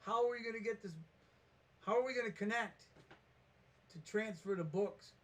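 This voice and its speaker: A man with a fairly high voice talks off the cuff in a vlog. He rambles, trips over his starts and throws himself into acting out every back-and-forth. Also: moderate pace. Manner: rambling, animated, restarts and acts out quotes. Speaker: vlogger. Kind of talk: casual storytelling monologue.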